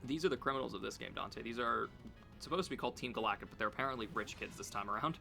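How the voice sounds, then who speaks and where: A man's voice: medium pitch, very fast, creaky, bright, forceful tone, soft background music. A young man streaming a video game, chatting casually and rambling with many fillers. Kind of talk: casual gameplay commentary.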